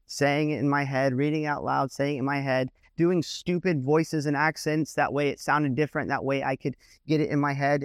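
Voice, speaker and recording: A man delivers a sermon in a relaxed, conversational manner and keeps looping back to "the thing is, is that." His voice sits in an ordinary middle pitch. The recording is dry and close. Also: no room sound. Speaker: preacher.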